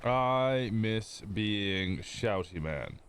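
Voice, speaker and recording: Man, streamer talking to chat, casual, rambling, restarts sentences, slightly low voice. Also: lively intonation, drawn-out words, fairly bright tone, slight background noise. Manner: rambling, self-interrupting, chatty. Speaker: livestreamer.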